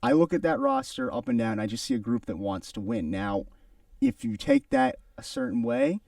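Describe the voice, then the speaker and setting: A man's voice: mid-range voice, wildly swooping pitch, normal speed, vocal fry, a little mellow, dry recording, studio quality, far from the mic. A young man co-hosting a sports radio show, giving emphatic, opinionated analysis.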